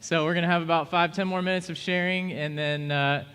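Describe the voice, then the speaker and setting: A man acting as emcee at a church farewell event, making brisk, informal announcements. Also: on the high side, steady tone, bright, forceful tone, clean tone. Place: church gathering.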